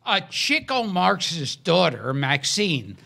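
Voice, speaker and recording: A man with a very high, gravelly voice that swoops up and down as he hosts a podcast. He talks slowly, teasing his guest and joking his way through casual chat. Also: big pitch swings, pushed and bright, a little hiss or hum. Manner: jokey, teasing. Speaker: podcast host.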